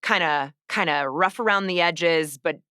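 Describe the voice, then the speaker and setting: A woman's voice: lowish voice, unhurried, clear, resonant tone, no room sound, clean studio sound. A woman hosting a podcast, recapping a movie in casual, sarcastic chat. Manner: chatty, sarcastic, animated storytelling. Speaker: podcast host.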